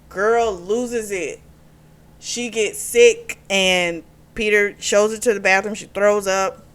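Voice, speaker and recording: A woman's voice: mid-range voice, a bit bright. A woman reviewing a romance novel in a casual chat, retelling the plot and acting out the characters' lines. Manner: chatty retelling, acts out quotes with "she's like". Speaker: book reviewer.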